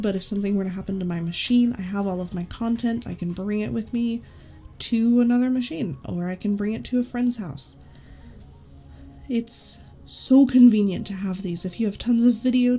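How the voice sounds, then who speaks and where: A woman YouTube creator chatting casually and enthusiastically through product recommendations, with quick asides. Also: on the high side, warm tone.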